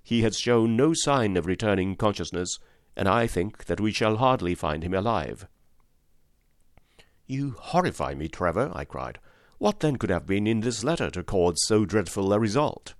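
A man with a fairly low-pitched voice gives an even, measured scripted reading of a classic story as an audiobook. The recording is dry, with clean studio sound.

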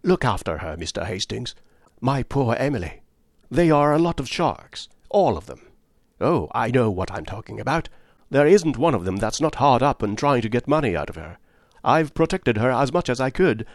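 A man voicing a brusque, blunt middle-aged spinster who speaks in curt, forceful bursts. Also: mid-range voice, very animated, moderate pace, no room sound, clean studio sound. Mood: urgent.

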